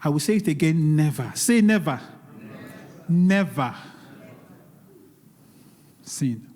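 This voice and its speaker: A man's voice: on the high side, animated, normal speed, a little mellow. A man giving a live seminar talk on investing, emphatic and pleading, repeating key words. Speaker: guest speaker on investing. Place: church hall, live audience. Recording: long reverb of a large hall.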